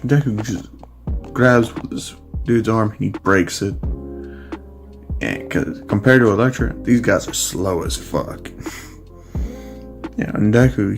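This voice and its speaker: A man's voice: lowish voice, darkish tone. A man casually retelling a fan story, rambling with many fillers and crude swearing.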